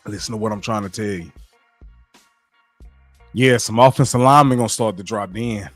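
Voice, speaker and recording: A man hosting a livestream, ranting about football to his chat in a profane, animated, repetitive way. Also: on the low side, normal speed. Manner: profane, animated, repeats himself. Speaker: sports commentary streamer. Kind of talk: casual sports rant to live chat. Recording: dry close mic with faint music.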